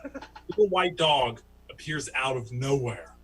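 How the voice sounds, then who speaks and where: Guy telling a funny story online, giggles a lot, squeaky voices for the characters, bright edgy tone. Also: measured pace, low-quality recording. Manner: animated, laughs at his own story, jumps to high voices for quotes. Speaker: stand-up comedian. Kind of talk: storytelling stand-up. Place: home, virtual show.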